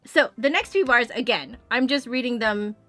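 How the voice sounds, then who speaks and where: A woman's voice: on the high side, normal speed, fairly bright tone. A young woman giving a casual, chatty music lesson, explaining rhythm and sight reading. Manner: chatty, explanatory, sings beats with "bum". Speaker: flute teacher.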